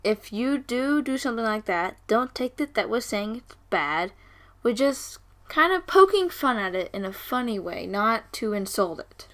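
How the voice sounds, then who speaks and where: Bright, giggly teenage girl co-host. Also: fairly high pitch, lively intonation, moderate pace. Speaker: co-host guest. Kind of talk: casual chat.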